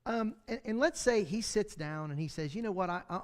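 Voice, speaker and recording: A man's voice: high-pitched, animated, a little fast. A man teaching a midweek Bible class in a folksy, storytelling way, with self-deprecating humor. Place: church classroom. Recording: long hall reverb.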